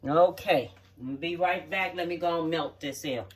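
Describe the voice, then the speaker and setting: Speaking at normal speed with a medium pitch, a home cook leads a recipe walkthrough in their own kitchen. The talk is homey and conversational, one step at a time, peppered with "okay?" check-ins. The mic picks the voice up from afar.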